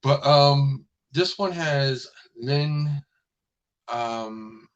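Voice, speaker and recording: A man's voice: medium pitch, drawn-out words, highs cut off. A man hosting a casual review show, retelling an episode in a rambling way with many fillers and restarts.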